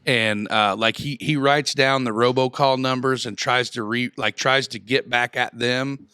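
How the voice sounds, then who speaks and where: A man's voice: medium pitch, steady tone, measured pace, sharp tone, clear, resonant tone, no room sound, studio quality. A man co-hosting a casual podcast chat, rambling through crude joking stories. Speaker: podcast co-host.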